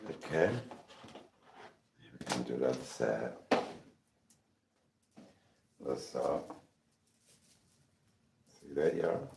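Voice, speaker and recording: A man's voice: rumbling low, takes it slowly, vocal fry, pauses often, darkish tone, echoey room, slight background noise. A man cooking in his home kitchen for a casual vlog, chatting and calling out to his viewers as he seasons his food. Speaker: cooking vlogger.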